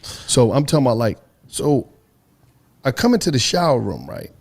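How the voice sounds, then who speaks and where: A young man telling a comedic story in casual chat, animated and acting out his own past voice. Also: medium pitch, normal speed, gravelly. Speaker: storyteller on a podcast panel.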